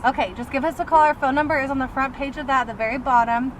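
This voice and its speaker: A woman's voice: high voice, fairly even intonation, fast talker, a little hiss or hum, low-quality recording. A woman working as a nurse, explaining aftercare in a practical, step-by-step way. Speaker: nurse giving aftercare instructions.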